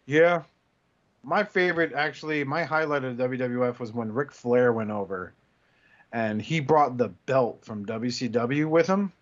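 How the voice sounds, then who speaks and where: A man's voice: mid-range voice, normal speed, highs cut off. A man co-hosting a casual podcast, telling rambling stories with lots of restarts. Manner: rambling storyteller, many restarts. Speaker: podcast co-host. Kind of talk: casual chat.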